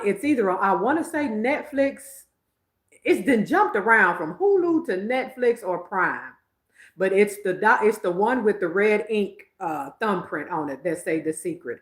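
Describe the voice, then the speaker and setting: A woman's voice: mid-range voice, echoey room. A woman, hosting a psychic livestream in casual, emphatic chat, laughing often. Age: 50s.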